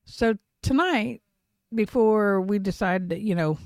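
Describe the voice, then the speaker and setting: A woman's voice: mid-range voice, slow pace, no room sound, clean studio sound. Swearing, laughing woman telling a story. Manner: animated storyteller, swears freely, laughs often. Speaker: podcast co-host. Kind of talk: casual chat.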